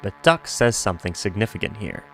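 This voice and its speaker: A man's voice: lowish voice, big pitch swings, a little fast, a bit bright, soft background music. A man talking through a video analysis of a show in a wry, joking and speculative way. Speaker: commentary host.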